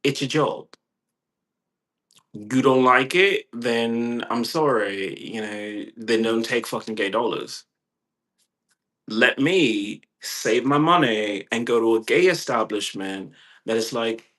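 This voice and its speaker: Brief: male vlogger, mid-pitched voice, profane and insistent monologue with lots of repetition. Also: slow, a bit bright. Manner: emphatic, repetitive, heavy swearing.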